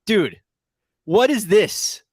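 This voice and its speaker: A man's voice: high-pitched, lively intonation, extremely slow, slightly rough, no room sound. A man hosting a casual trading livestream from his office. He rambles, jokes at his own expense and laughs often. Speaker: trading show host.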